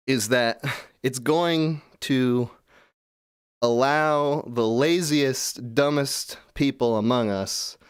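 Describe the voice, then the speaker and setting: A man hosts a call-in show and rants in a cynical, profane, rambling way. His pitch sits in an everyday middle range. The sound is dry and close, with no room echo. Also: clear, resonant tone. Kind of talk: casual rant.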